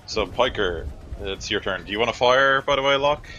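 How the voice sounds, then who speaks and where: A man's voice: mid-range voice, normal speed, bright, forceful tone, muffled recording, a little hiss or hum. A man narrating as game master of a tabletop game, describing the action in loose, filler-heavy talk.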